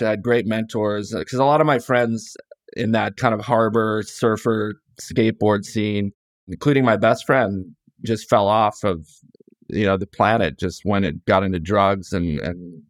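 In a clean, echo-free studio recording, a middle-aged man from California, a guest author, spins relaxed, rambling interview stories. He restarts often and slips into quoted dialogue, speaking at a fairly low pitch.

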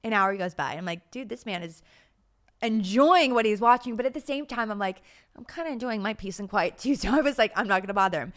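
A woman's voice: mid-range voice, animated, fairly quick. A young adult woman co-hosting a podcast in casual chat, telling stories with quoted lines and frequent laughs. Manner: chatty storyteller, laughs often, acts out quotes. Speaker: podcast co-host.

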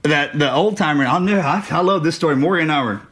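A man co-hosting a podcast, telling animated war stories with frequent laughs and acted-out quotes. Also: fairly high pitch, fast talker, slight background noise. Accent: Texan. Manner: animated storyteller, laughs often, acts out quotes. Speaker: podcast co-host. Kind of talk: casual storytelling chat.

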